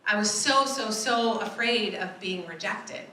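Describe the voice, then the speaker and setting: A woman giving a keynote talk, telling a personal story in an animated way and acting out the voices she quotes. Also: mid-range voice, unhurried. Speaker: keynote speaker. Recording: echoey hall from far off.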